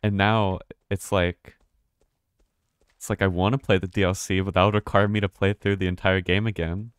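A man with a low voice chats loosely while playing a game on stream, wandering from thought to thought and swearing freely. The sound is dry and close, with no room behind it. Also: flat delivery, normal speed, clean tone, dry recording. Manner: rambling, chatty, swears and laughs often. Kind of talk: casual live gameplay commentary.

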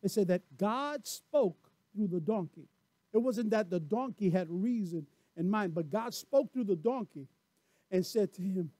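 A male pastor delivers a lively sermon and tells stories with acted-out voices. His speaking voice sits very high for a man, and the sound is dry and close with no room echo. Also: a little slow. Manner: animated storyteller, acts out voices, laughs often.

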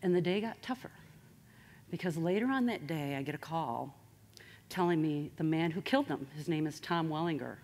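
A woman giving a motivational talk, animated and straight-talking. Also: low-pitched, moderate pace. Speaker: speaker.

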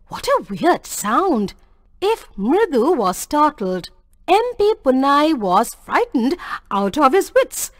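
Lively high-voiced woman reading aloud. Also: slow, no echo, clean studio sound. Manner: expressive, lively storytelling. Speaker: teacher. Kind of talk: reading a textbook story aloud.

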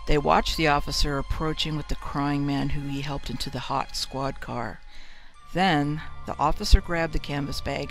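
A man narrating a horror story in a slow, measured reading. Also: a little high, creaky, a bit bright. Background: faint eerie music.

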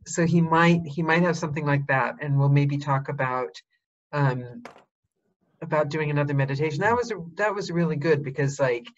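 A woman hosting a casual interview, chatty and enthusiastic, filling pauses with um. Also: low-pitched, highs cut off. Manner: chatty, enthusiastic, quick to laugh, fills with um. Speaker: host.

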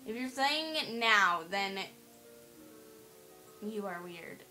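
Slow-talking bright-voiced woman gaming. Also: mid-range voice, lively intonation, low-quality recording. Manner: playful, teasing, giggly banter. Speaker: gamer playing a horror game. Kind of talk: let's play commentary. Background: faint game music.

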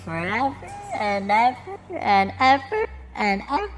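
A woman's voice: very animated, measured pace. A woman voicing a clingy, creepy fangirl baby girl who taunts in a singsong way. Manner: taunting, singsong, swooping pitch.

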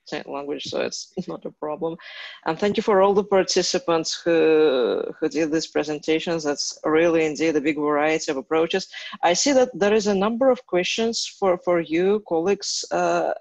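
Polite moderator on a dull dry call. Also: male voice, a little high, dry recording. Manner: polite and formal, thanking speakers. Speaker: webinar moderator. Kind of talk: moderating a webinar.

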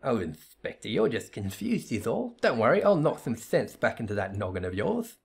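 A man's voice: mid-range voice, very animated, moderate pace, vocal fry, breathy edge, full character voice. A man voicing a bubbly, trigger-happy young female assistant in a perky, eager, raised voice for a fantasy game read-through.

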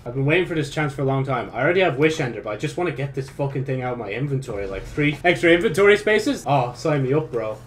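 A young man giving sweary gameplay commentary, dropping from low mutters to frustrated yells. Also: lively intonation, fast, hardly any pauses, slight background noise. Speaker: gaming YouTuber.

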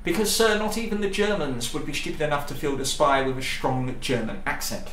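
A man's voice: on the high side, a little fast, fairly bright tone, slight background noise, natural voice. A man playing a dry, sarcastic army captain. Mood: sardonic. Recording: roomy echo.

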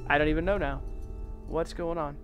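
A man hosting a first-time gameplay video, jumpy and excitable, yelping, laughing and taunting the enemies on screen. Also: a little high, a little fast, soft background music. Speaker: gaming channel host.

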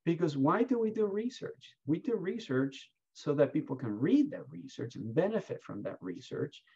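A husky-voiced man speaks as a keynote award speaker, answering questions with lively, emphatic storytelling. His voice sits in a middle register. The sound is dull and lo-fi, like video call audio. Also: on the high side, moderate pace.

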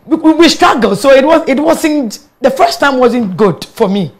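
A woman with a Ghanaian accent, a guest telling her own story in an interview, animated and quick to laugh, mixing local words into her English. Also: sits high. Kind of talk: candid personal storytelling in an interview.

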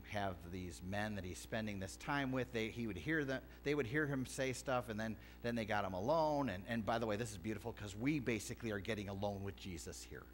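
A man's voice: fairly low pitch, slight background noise. A pastor preaching a sermon in a church, switching between casual talk and emphatic scripture reading. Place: church sanctuary.

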